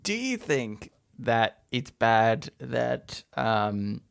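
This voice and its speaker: A man's voice: mid-range voice, very animated, extremely slow, gravelly, smooth. A man in his twenties co-hosting a podcast, talking loosely with lots of fillers and laughing often. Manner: rambling, giggly, lots of fillers. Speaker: podcast co-host. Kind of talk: casual chat.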